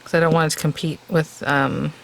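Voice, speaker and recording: A woman's voice: low voice, little pitch movement, brisk, vocal fry, rough recording. A woman demonstrating card making in a casual crafting tutorial. She chats and thinks aloud as she works, and her voice sounds a little tired. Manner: chatty, thinking aloud while working. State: voice getting tired.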